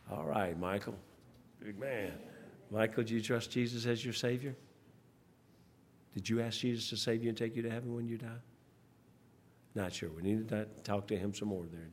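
A man, a pastor leading church service announcements in a rambling, folksy way, pausing often. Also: medium pitch. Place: church sanctuary. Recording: long church hall reverb, faint noise.

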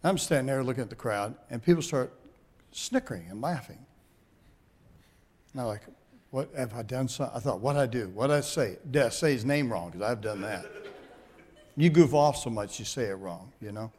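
An older male pastor tells homespun stories from the pulpit in a folksy, animated way. His voice sits in an ordinary middle pitch, and he breaks into chuckles at his own jokes. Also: normal speed, breathy edge. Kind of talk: sermon storytelling.

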